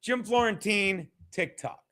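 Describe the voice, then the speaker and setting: A man's voice: sits high, animated, unhurried, sharp tone. A stand-up comedian, a man, giving a rambling, profane, combative rant as stream commentary.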